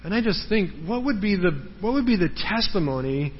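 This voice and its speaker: A man's voice: sits high, lively intonation, a little fast, breathy edge. A man preaching a sermon as a pastor, earnest, repeating words for emphasis and often checking in with the congregation. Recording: dull sound in a large reverberant hall.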